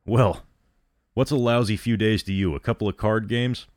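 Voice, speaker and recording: A man's voice: fairly low pitch, fairly even intonation, moderate pace, darkish tone, no room sound, studio quality, natural voice. A man voicing a lonely male prisoner who pleads desperately, his voice rising as he talks. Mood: pleading.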